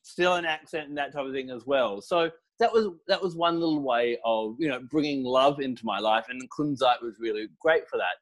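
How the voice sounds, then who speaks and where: A middle-aged man giving a casual interview, explaining crystal practices with relaxed storytelling and fillers. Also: mid-range voice, a little fast, hardly any pauses. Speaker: crystal and essential oil teacher, guest.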